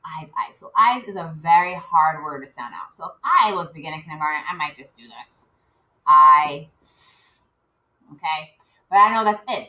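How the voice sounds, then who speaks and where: A woman teaching young children to write, slowly sounding out words and spelling them letter by letter. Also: medium pitch, fairly bright tone. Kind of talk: modeled writing lesson for young children.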